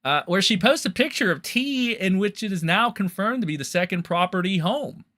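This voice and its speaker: A man's voice: high voice, animated, normal speed, bright, forceful tone. A young man hosting a livestream, rambling and swearing as he comments on online drama and talks to his chat.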